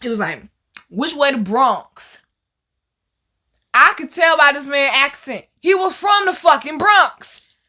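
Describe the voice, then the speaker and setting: Woman, fairly high-pitched, brash storyteller voice. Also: moderate pace. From Virginia, USA. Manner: animated, profane, laughing, acts out the people in her story. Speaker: channel host telling a personal story. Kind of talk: casual storytelling.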